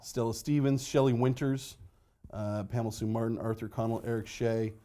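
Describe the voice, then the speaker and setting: A man's voice: medium pitch, little pitch movement, moderate pace, warm tone. Chatty male movie-show host. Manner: rambling, filler-heavy, joking. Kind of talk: casual chat.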